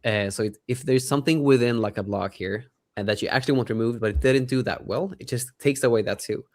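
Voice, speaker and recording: A young man rambles with excitement, keeps forgetting names and laughs through his sentences. His voice sits in the middle range. The sound is dry and close. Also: medium pitch, quick pace, no echo. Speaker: podcast co-host, app developer. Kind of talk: casual podcast chat.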